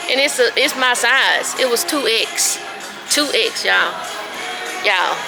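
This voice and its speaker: A chatty woman in her late thirties talks to her viewers in a casual vlog, her fairly high voice carrying a gravelly edge. She gets excitable and keeps calling out to her audience as she films on a phone. Music plays clearly behind her. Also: takes it slowly, low-quality recording. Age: late 30s. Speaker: vlogger. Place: outdoors, then inside a discount store.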